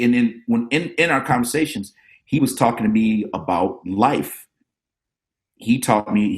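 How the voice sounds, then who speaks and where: A middle-aged man, a drummer and educator, telling animated stories about his mentors as a podcast guest and acting out the voices of the people he quotes. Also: fairly low pitch. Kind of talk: casual storytelling interview.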